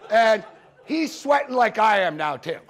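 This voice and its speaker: A man's voice: sits high, sing-song, unhurried. A man giving a conference talk on sports betting, telling profane, punchy anecdotes and repeating his points for the audience. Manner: profane, storytelling, punchy repetitions. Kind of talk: animated anecdotal presentation.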